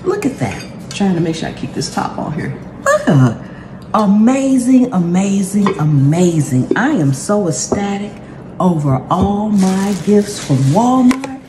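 A woman's voice: medium pitch, a little slow. A woman hosting a cooking channel, talking through an unboxing in a casual, effusive way and exclaiming often. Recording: roomy with steady background noise.

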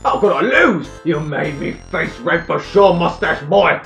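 A man's voice: on the high side, sing-song, a little slow, vocal fry, fairly bright tone, full character voice. A man voicing a cocky male ghost who lives in a jar, taunting with mock British slang. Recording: roomy echo, faint game music.

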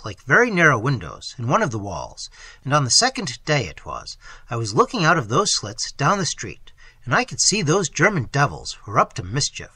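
A man voicing a wounded young British soldier who talks in plain, rough, common speech, telling his story in a vivid rush. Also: mid-range voice, bright, forceful tone, dry recording, exaggerated voice.

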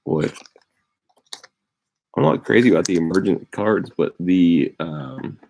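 A man hosting a sports card break, calmly reading out player names as he opens packs. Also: low-pitched, gravelly, lo-fi sound, a little hiss or hum. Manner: unhurried, reads out player names with bursts of excitement. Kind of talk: casual card-opening commentary.

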